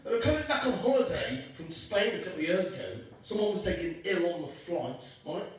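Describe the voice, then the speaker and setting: A man's voice: high-pitched, big pitch swings, brisk. A young man doing a stand-up comedy set, cheeky and sweary while he works the crowd. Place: comedy club stage with audience. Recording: echoey club from a distance.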